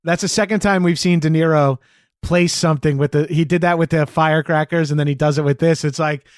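A man's voice: fairly high pitch, steady tone, fairly quick, no room sound, studio quality. A man co-hosting a podcast, riffing playfully and laughing through his stories. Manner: playful, laughs often, riffs on bits. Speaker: podcast co-host. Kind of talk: casual comedic chat.

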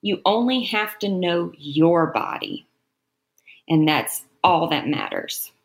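A woman's voice: fairly low pitch, lively intonation, takes it slowly. A woman guest on a podcast, chatting in a friendly, encouraging way. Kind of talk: casual chat.

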